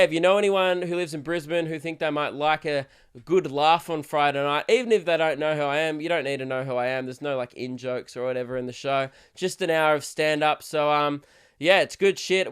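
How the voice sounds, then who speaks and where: On his casual solo podcast, a young Australian comedian and host goes on a sarcastic rant, swearing freely and shouting for effect. His voice is a little high, and the sound is clean.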